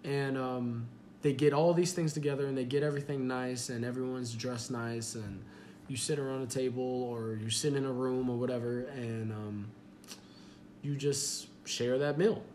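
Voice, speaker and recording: A man's voice: mid-range voice, steady tone, moderate pace, a little mellow, a little hiss or hum. A young man hosting a podcast in casual chat, rambling with many fillers and laughing easily. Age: young adult. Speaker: podcast host.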